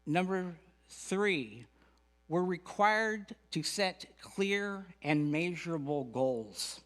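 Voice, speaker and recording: A middle-aged man with a slightly high voice gives an earnest spiritual lecture to a congregation. His delivery is folksy and conversational, and he drops in humorous asides. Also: lively intonation, drawn-out words, fairly bright tone. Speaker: guest speaker. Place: spiritual center sanctuary.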